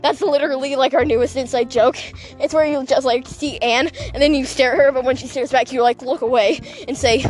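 A woman's voice: high-pitched, fairly even intonation, a little fast, soft background music. A young woman telling a casual storytime vlog while walking outdoors, chatty and gossipy, full of "like" fillers and laughing asides. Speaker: vlogger.

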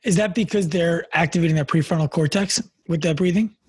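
A man's voice: a little high, brisk, a little mellow, breathy edge, no room sound. A man hosting a podcast interview, asking short clarifying questions. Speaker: podcast host. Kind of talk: conversational interview.

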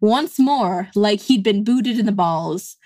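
A woman's voice: mid-range voice, expressive, slow, a little mellow, no room sound. A woman in casual chat, reading passages aloud with dry amusement.

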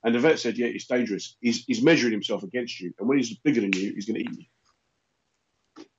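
A man chatting casually, riffing on absurd comic rants with a deadpan delivery. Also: medium pitch, fast, a little hiss or hum. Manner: deadpan rambling jokes, repeats lines. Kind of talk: casual comedic chat. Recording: dull lo-fi sound.

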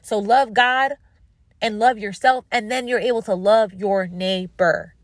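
A woman's voice: mid-range voice, steady tone, a little slow, dry recording, studio quality. Earnest woman podcaster praying aloud. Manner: earnest, preacherly, repeats phrases for emphasis. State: tired and dry-mouthed. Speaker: podcast host. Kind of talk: devotional talk and prayer.

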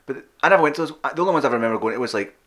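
A man's voice: medium pitch, lively intonation, very fast, a bit bright. A man co-hosting a podcast in crude, rambling, laughing casual chat. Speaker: podcast co-host.

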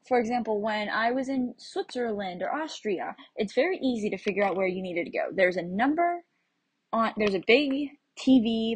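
A young American woman talks casually to the camera about her trip, chatty and quick to laugh as she tells her stories. Her voice is husky and a little breathy, sitting at an ordinary middle pitch. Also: a little mellow, poor audio. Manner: chatty, laughs often while telling stories. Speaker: travel vlogger. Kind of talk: casual chat.

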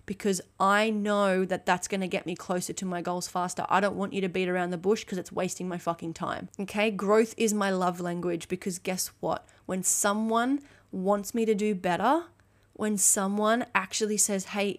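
A woman's voice: medium pitch, fairly even intonation, moderate pace. Blunt, emphatic woman podcaster. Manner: emphatic, blunt, swears freely; acts out quoted dialogue. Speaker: podcast host. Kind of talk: motivational solo podcast.

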